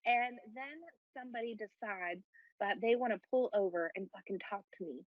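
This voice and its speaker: Young woman on a podcast, animated storyteller, swears a lot, kinda muffled dry audio. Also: medium pitch, normal speed, no room sound. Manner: animated, profane, self-mocking storyteller. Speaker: podcast co-host. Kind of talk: casual storytelling chat.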